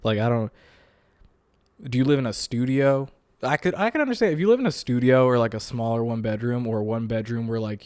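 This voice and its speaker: A man's voice: medium pitch, darkish tone, no room sound, clean studio sound. A young man hosting his own podcast at home, chatting casually and joking with lots of filler words while still tired and a bit out of breath. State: tired and a bit winded after illness. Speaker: podcast host. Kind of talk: casual solo podcast monologue. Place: home recording setup.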